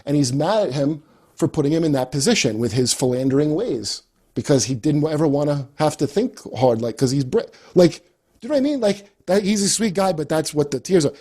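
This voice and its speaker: A man's voice: a little high, animated, brisk, a little mellow, slightly rough. A man talking casually on a podcast, rambling and swearing as he laughs at his own jokes. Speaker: comedian guest.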